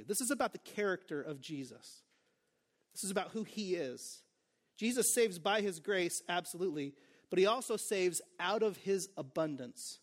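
High-voiced man preaching with joking asides. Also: expressive, moderate pace. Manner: conversational, full of "like" and "right?". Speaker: pastor. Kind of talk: sermon.

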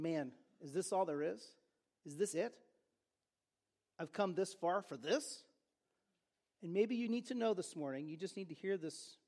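A man preaching a sermon as pastor, with conversational storytelling and joking asides. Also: high voice. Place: church service.

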